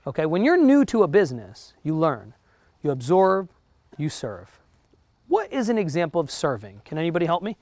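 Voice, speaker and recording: In a slightly high voice with huge pitch swings and a darkish tone, a New Jersey broker gives realtors a motivational talk at a moderate pace. The recording is dry, and he talks conversationally, often checking in with the live group.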